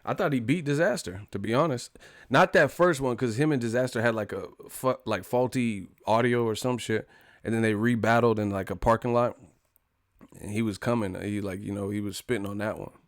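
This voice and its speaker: A man's voice: fairly low pitch, steady tone, brisk, dry recording, studio quality. A man hosting a livestream, chatting casually in a laid-back, slangy, rambling way. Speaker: livestream host. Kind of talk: casual chat.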